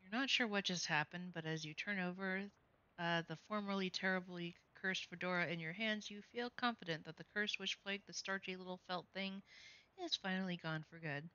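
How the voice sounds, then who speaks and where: A woman's voice: on the low side, steady tone, a little fast, sharp tone, highs cut off. A woman streaming a text game, reading its narration aloud with playful, wry asides.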